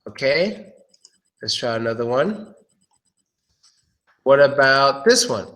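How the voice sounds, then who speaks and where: Relaxed man teaching pronunciation live. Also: mid-range voice. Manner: relaxed, thinking aloud, repeats words slowly. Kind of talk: live-stream English pronunciation lesson.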